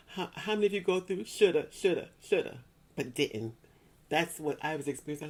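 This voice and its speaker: Her deep, slightly mellow voice moves briskly with lively intonation. This middle-aged woman offers earnest, heartfelt testimony about a personal loss in a churchgoing manner, restating herself often to drive each point home.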